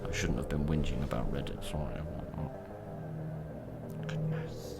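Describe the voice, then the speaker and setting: A man's voice: very deep voice, unhurried, vocal fry, over loud music. A man giving wry, sarcastic, rambling commentary while playing a game. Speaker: gameplay commentator. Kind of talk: let's play commentary.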